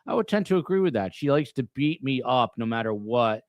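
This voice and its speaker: A man's voice: mid-range voice, animated, no echo. A man hosts a podcast in loose, casual chat, often stopping and restarting his sentences. His voice sits in a middle range, recorded dry and close with no room sound. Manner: rambling, halting, many restarts. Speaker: podcast host.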